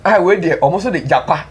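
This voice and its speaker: A man's voice: sits high, lively intonation, normal speed. A man with a Ghanaian English accent, leading a political talk show discussion and pressing his guest with questions, switching between English and Twi.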